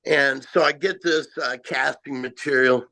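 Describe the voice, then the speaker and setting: A man telling a first-person encounter story in a halting, rambling way, full of "you know" and "uh" fillers. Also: medium pitch, steady tone, pushed and bright. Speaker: eyewitness guest.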